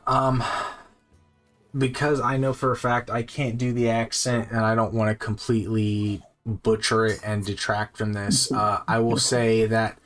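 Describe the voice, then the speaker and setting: A man running a tabletop game as game master, narrating scenes in slow, descriptive, pausing speech. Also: fairly low pitch, level tone, a bit bright, soft background music. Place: home streaming setup.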